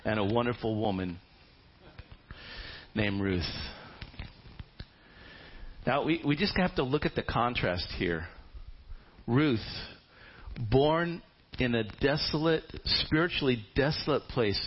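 A male pastor tells a story to his church in a casual, humorous and animated way. His voice sits in an ordinary middle pitch. The recording is dull and lo-fi. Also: slow, pauses often. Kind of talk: sermon storytelling.

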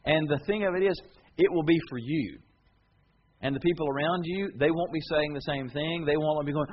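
A male pastor giving a sermon, animated and conversational, acting out short voices as he tells stories. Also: fairly high pitch, a little fast, dull audio, a little hiss or hum.

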